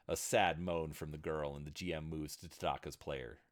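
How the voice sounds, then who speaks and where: A man narrating a fantasy story in an expressive, dramatic reading. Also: low-pitched, normal speed, hardly any pauses.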